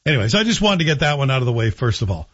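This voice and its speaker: A man's voice: medium pitch, big pitch swings, rapid-fire, a bit bright, slightly rough, muffled recording. A man hosting a talk radio show, giving sardonic, opinionated commentary. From Scotland.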